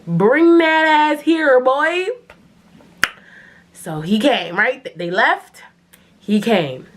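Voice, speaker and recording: A woman, telling a personal story to the camera and acting out the quotes. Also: a little high. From New York City. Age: 20s. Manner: animated, dramatic storytelling with acted-out quotes. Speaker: vlogger. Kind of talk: casual storytime.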